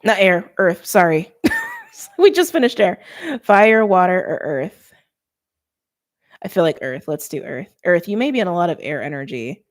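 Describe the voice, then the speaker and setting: A woman with a slightly low voice gives a relaxed, chatty tarot reading to camera. She talks to her viewers as if they were friends, peppering her talk with "like" and quick little laughs. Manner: talks straight to viewers by sign. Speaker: tarot reader.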